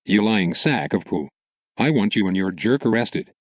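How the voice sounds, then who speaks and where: A man's voice: on the low side, expressive, normal speed, no room sound. A man reading a story aloud and voicing a furious, insulting entitled mother. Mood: angry. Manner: screaming insults. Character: shrill entitled mother, middle-aged, furious.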